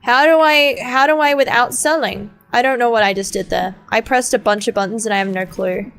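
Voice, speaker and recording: A woman's voice: a little high, a little fast, vocal fry, a bit bright, clean tone. A young woman chatting casually on a gaming stream, rambling and ranting with lots of swearing and fillers. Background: faint game music.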